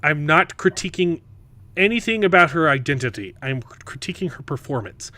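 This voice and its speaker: Bright-voiced man, animated and mocking. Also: fairly high pitch, a little fast. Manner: animated, mocking, stammers and restarts. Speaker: host. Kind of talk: casual panel chat.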